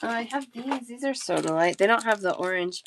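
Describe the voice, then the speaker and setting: A woman's voice: fairly high pitch, expressive, normal speed, slight background noise. A woman in her thirties, a talkative and giggly live-stream bead seller chatting casually with her viewers.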